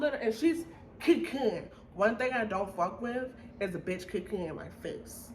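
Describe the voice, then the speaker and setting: Blunt, swearing high-voiced young woman. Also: unhurried, a little hiss or hum. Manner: blunt, heavy swearing, animated retelling. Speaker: storytime vlogger. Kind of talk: casual storytelling to viewers.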